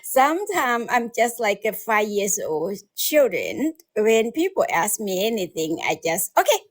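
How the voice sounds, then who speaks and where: A woman calling in to chat, speaking halting non-native English and laughing easily. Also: mid-range voice, big pitch swings. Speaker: caller. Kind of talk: casual chat.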